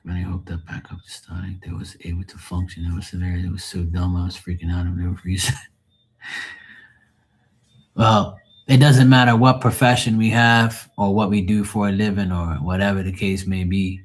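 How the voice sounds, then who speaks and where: A man's voice: deep voice, little pitch movement, normal speed. A man hosting a live tarot stream, chatting casually in a rambling, profane, joking way.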